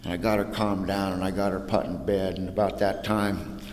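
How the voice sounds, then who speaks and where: A man with a low voice tells his recovery story to an AA meeting in a folksy, plainspoken way. His voice rings through a large echoing hall, with a faint hum of room noise behind it. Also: little pitch movement, normal speed, darkish tone. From California. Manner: folksy storytelling, says "man" and "you know". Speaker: AA speaker. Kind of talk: personal recovery talk.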